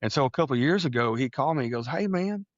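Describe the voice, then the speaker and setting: A man from Texas telling a personal story on a podcast, animated, acting out the voices of people he quotes. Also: medium pitch, racing, no room sound, muffled recording. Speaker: podcast guest. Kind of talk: casual storytelling.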